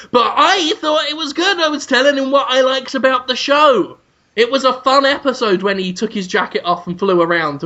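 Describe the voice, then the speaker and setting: A man with a British accent, co-hosting a comedy podcast, telling absurd stories in a deadpan way, in a dull lo-fi podcast recording. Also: high-pitched. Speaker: podcast co-host.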